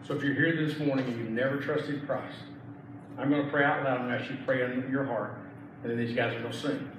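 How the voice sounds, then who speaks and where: A man's voice: mid-range voice, steady tone, a little fast. A middle-aged man, a pastor, preaching an emphatic sermon with repeated phrases. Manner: emphatic, repetitive preaching with rising intensity. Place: church sanctuary. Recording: echoey church from far off, noisy.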